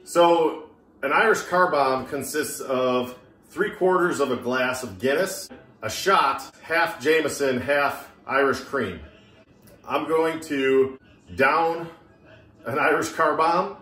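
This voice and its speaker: A man's voice: medium pitch, slow, a bit bright. A man vlogging casually to camera, chatty and self-mocking as he talks to himself. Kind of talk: casual drinking vlog. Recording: echoey room with music behind. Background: Irish music playing.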